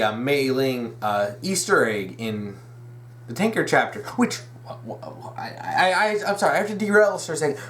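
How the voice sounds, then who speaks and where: This young host of a casual fan commentary video has a fairly high pitch and a fairly bright tone, with a little hiss or hum in the recording. His delivery rambles, with restarts and self-corrections, driven by enthusiastic opinions.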